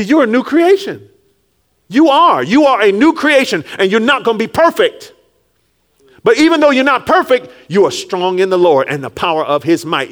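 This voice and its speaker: A man preaching a sermon with call-and-response, rising to shouts and dropping low, acting out scripture figures. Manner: animated, call-and-response, rises to shouts then drops low; acts out Jesus and Peter in quiet low tones.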